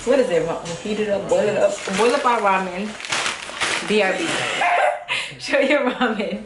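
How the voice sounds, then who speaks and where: A woman's voice: mid-range voice, animated, unhurried, roomy sound. A young woman vlogging a food challenge at home, laughing and screaming at the heat. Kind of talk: casual food challenge vlog.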